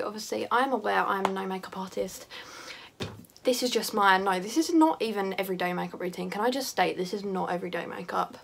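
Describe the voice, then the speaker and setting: Casting note: teen girl beauty vlogger, fry in the voice, chatty and self-mocking, faint hiss behind her. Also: medium pitch, a bit bright. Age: teens. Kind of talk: casual makeup tutorial chat.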